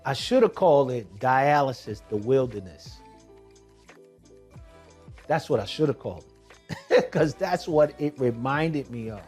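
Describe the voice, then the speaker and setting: A man's voice: mid-range voice, animated, unhurried, pauses often, a little mellow, breathy edge, faint music behind. A man who is a kidney transplant recipient, telling his personal testimony in an emphatic, conversational way with slang asides.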